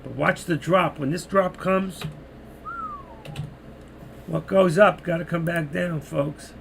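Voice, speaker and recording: Gravelly New York man calling trades live. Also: fairly high pitch, slow pace, fairly bright tone, a little hiss or hum. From New York City. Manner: chatty, talks through trades while reading chat. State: losing his voice. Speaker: trading live streamer. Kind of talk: live market commentary.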